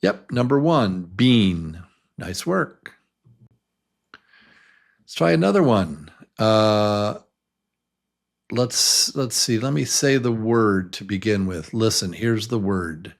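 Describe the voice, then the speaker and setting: A man leads a beginner English pronunciation lesson, drilling words slowly and patiently and praising his learners. His voice is gravelly, his pitch moves up and down a lot, and his pace is very unhurried. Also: animated. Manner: slow, patient, encouraging drills. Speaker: English teacher.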